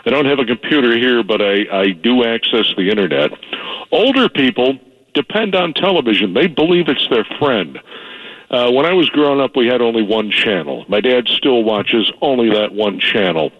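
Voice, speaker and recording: A man's voice: mid-range voice, lively intonation, moderate pace. An older man from New York calling in to a radio show, talking in an earnest, rambling way with frequent restarts. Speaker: caller. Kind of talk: phone-in conversation. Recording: tinny phone line, dry.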